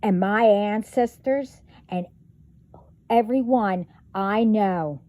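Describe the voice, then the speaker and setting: A woman's voice: mid-range voice, slow pace, warm tone, dry recording. A woman vlogger delivering a profane, confrontational rant straight to her viewers. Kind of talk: angry rant to camera.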